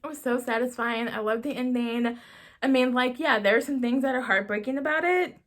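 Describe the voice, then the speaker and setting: A woman's voice: a little high, a little fast. A woman chatting casually as a book vlogger, bubbly and rambling, often laughing as she gushes over what she read. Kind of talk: casual book review chat.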